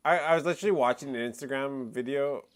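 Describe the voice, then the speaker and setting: A man in easy, animated conversation on a live stream, his voice sitting at an ordinary pitch. He jokes freely and drops into quick mock accents. The mood is relaxed and chatty. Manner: animated, jokey, mimics accents. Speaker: livestream host. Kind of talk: casual chat.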